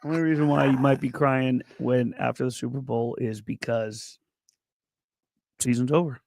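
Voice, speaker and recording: A man's voice: medium pitch, steady tone, normal speed, vocal fry, darkish tone, no room sound. A man co-hosting a sports radio show, tossing in dry teasing one-liners. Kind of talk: casual sports talk. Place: radio studio.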